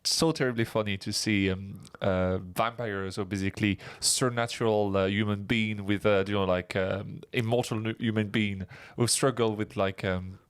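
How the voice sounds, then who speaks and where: A man's voice: fairly low pitch, fairly even intonation, moderate pace, few pauses, clear, resonant tone. Hesitant man searching for his words. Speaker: podcast co-host. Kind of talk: casual chat.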